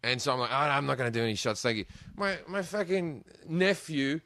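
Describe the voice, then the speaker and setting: A man's voice: medium pitch, fairly quick, bright, forceful tone. A man telling profane, laughing anecdotes in casual chat, acting out the voices of the people in them. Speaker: guest comedian. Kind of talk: animated storytelling chat.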